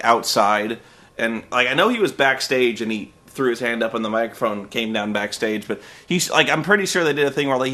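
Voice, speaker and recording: A man's voice: medium pitch, bright, forceful tone. A man hosting a comedic review, recapping events in an exasperated, profane, sarcastic rant that rambles along on fillers. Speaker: host reviewing wrestling.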